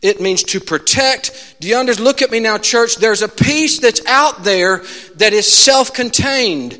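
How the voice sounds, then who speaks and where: A man preaching a sermon to a church, animated, shifting from loud exclamations to hushed asides. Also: high voice, unhurried, in a large hall. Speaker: pastor.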